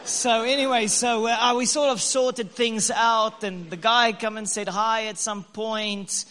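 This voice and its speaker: A man telling a lively story to couples, laughing and acting out his own lines. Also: high voice, a little slow, big-room sound. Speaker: co-host, husband speaking to couples. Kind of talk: animated storytelling talk.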